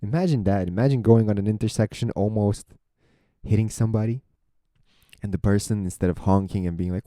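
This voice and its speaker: A young man talks through his thoughts on his own podcast, asking himself question after question and restarting his phrases as he goes. His voice is deeply dark and mellow, and the recording is dry with no room sound. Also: fast, no room sound. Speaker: podcast host. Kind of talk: reflective solo monologue.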